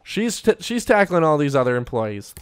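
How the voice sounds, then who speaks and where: A man's voice: a little high, big pitch swings, normal speed, clear, resonant tone. A young man giving casual, upbeat Let's Play commentary as he plays, often talking to his viewers directly. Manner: chatty, upbeat, talks to viewers as "you guys". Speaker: gaming YouTuber.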